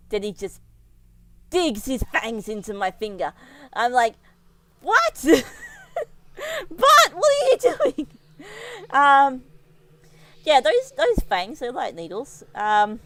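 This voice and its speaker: A woman streamer telling a story to her livestream, giggling often and rambling with many restarts. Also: a little high. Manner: giggly, laughs often while telling stories.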